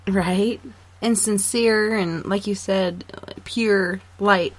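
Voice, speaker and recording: A woman's voice: mid-range voice, steady tone, drawn-out words. A woman hosting a radio interview, asking questions in an encouraging way. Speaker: radio show host. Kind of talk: casual interview.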